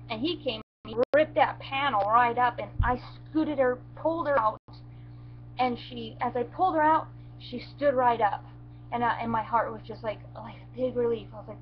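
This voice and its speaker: A woman's voice: on the high side, lo-fi sound, a little hiss or hum. Shaken woman retelling a close call. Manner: halting, shaken retelling with restarts and near tears. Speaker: goat owner telling what happened. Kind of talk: emotional first-person storytelling.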